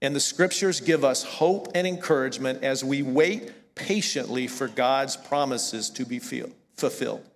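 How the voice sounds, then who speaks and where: A man's voice: medium pitch, moderate pace, hardly any pauses, in a large hall. A middle-aged man with a Southern US accent preaching a sermon as a pastor, conversational and emphatic, often stopping to correct himself. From American South. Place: church sanctuary.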